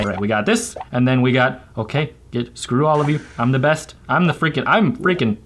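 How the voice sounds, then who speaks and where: A young man giving let's play commentary on a racing game, excitable and self-mocking, jumping between yelps and low mutters. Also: brisk, hardly any pauses, a little hiss or hum. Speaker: gaming channel host.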